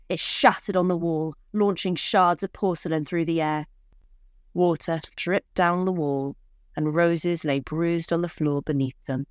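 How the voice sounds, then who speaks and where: A woman telling a short story in scripted, measured narration. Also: low-pitched, no room sound, clean studio sound.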